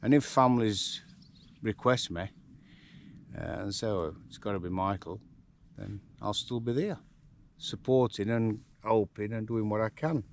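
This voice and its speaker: An older Yorkshire man talks in a relaxed, chatty way out in a farm paddock. His voice sits a little low, and faint outdoor noise runs behind him. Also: unhurried. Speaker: farm vlogger. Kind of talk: casual vlog to camera.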